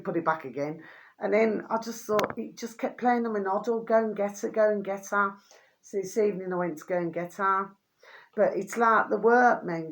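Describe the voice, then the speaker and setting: A woman, chatting casually to her viewers in a rambling, affectionate way, her voice getting hoarse. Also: mid-range voice. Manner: affectionate, rambling, keeps asking "do you see what I mean". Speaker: vlogger.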